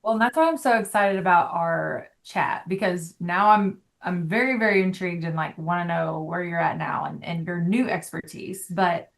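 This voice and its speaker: A woman's voice: lowish voice, moderate pace, gravelly, few pauses. A woman hosting a podcast interview who asks eager, curious questions. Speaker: podcast host. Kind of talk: casual interview.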